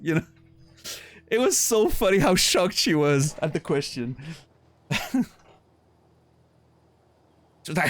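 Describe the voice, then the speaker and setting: A man's voice: fairly high pitch, very animated, slow, long pauses. Give me a man streamer from Switzerland chatting casually, full of fillers and restarts, with faint music behind him. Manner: rambling, many restarts and fillers, laughs easily. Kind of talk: casual chat with viewers.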